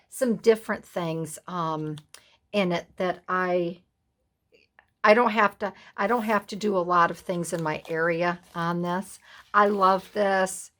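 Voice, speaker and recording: A woman from the USA hosting a casual craft flip-through, softly gushing over each page. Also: fairly low pitch. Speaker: craft vlogger.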